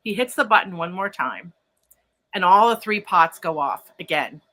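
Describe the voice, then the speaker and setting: A woman hosting a podcast as a psychic medium, telling a story in casual chat with animated excitement and spiritual vocabulary. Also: on the low side, moderate pace, slight background noise.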